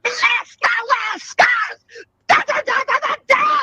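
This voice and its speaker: A shrill shrieking little girl. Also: background noise. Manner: high shrill drawn-out silly cries. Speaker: caller. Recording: muffled phone line.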